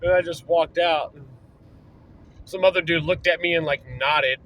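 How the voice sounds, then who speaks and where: A man's voice: fairly high pitch, steady tone, a little hiss or hum, low-quality recording. A young man ranting angrily and profanely from inside his car. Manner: heated, profane, talks fast and loud. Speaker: vlogger. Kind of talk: angry rant.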